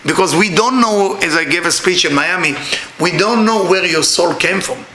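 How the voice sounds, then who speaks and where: A middle-aged man with an Israeli accent gives a spiritual talk, blunt and full of jokes. His voice sits high and bright. The room around him rings with echo. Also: normal speed, a little hiss or hum. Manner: animated storytelling, blunt and joking. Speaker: kabbalah teacher.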